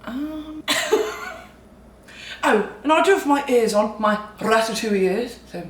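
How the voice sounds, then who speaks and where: A woman's voice: a little high, lively intonation, unhurried, far from the mic. An American woman hosting a comedic cooking vlog, joking in a mock posh English accent and swearing for laughs. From United States. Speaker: YouTuber host. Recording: roomy, off mic, faint music behind.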